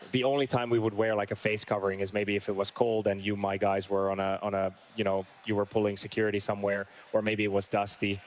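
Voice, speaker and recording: A male military veteran with a fairly low voice speaks in a street interview. He talks earnestly and hesitantly, working through his thoughts out loud. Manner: earnest, hesitant, thinks aloud.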